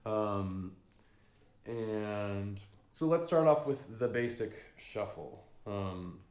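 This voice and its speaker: A man teaching fiddle bowing in a relaxed, unhurried way, often pausing with ums and singing out rhythms. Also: on the low side. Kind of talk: relaxed spoken music lesson. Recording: echoey room with fiddle playing.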